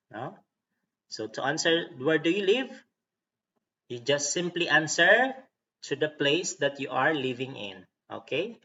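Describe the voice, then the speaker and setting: A man's voice: fairly high pitch, bright, forceful tone, distant mic. A man teaching an English lesson, patiently modeling word stress and checking in with "okay?" and "no?". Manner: patient, repeats words to model stress, tags lines with "okay?" and "no?". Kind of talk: recorded online English lesson. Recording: dull lo-fi sound from away from the mic.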